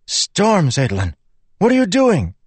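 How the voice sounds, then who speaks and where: Brief: man doing a young male warrior, earnest and pleading, voice lifted higher than the narrator's, dry close read. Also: very animated, slow pace, darkish tone, breathy edge, dry recording, heavily acted. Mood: alarmed.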